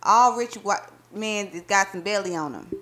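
A woman's voice: mid-range voice, a little slow, a bit bright, a little hiss or hum, lightly acted. A woman reading aloud as a boastful young husband, bantering playfully in folksy dialect. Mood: teasing.

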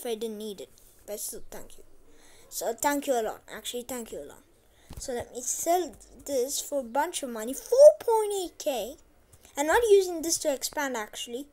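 High-voiced chatty woman playing a game. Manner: chatty, repeats herself, trying to speak loudly. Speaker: gameplay commentator. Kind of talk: casual gameplay commentary.

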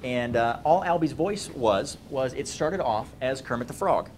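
A man with a deep bass voice teaching puppet voices in a casual, demonstrating way. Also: lively intonation, unhurried, darkish tone, slight background noise. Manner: casual, demonstrating, many ums. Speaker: puppetry trainer. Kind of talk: instructional talk.

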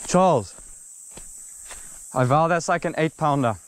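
Young man narrating his own fishing trip outdoors, swings from loud exclamations to quiet murmurs, faint outdoor hiss behind him. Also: on the high side, unhurried. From Zimbabwe. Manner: excitable, exclaims and drops to murmurs. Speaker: angler vlogger. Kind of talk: casual outdoor fishing vlog. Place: outdoors at a small dam. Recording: outdoor recording with faint background noise.

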